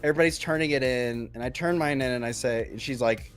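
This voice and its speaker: A man's voice: mid-range voice, quick pace, soft background music. A young man casually telling a childhood story on a podcast, rambling with many fillers and restarts. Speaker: podcast co-host.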